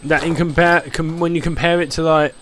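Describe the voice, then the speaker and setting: A man's voice: on the high side, fairly even intonation, brisk, a little hiss or hum. A man giving casual, rambling commentary while playing a building game, chatty and full of "like" fillers. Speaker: gameplay commentator.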